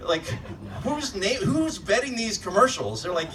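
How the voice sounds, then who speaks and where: Profane stand-up comic on a noisy stage. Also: male voice, sits high, lively intonation, unhurried, far from the mic. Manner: sardonic, profane ranting with rhetorical questions to the crowd. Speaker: stand-up comedian. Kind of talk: stand-up comedy set. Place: live comedy club stage.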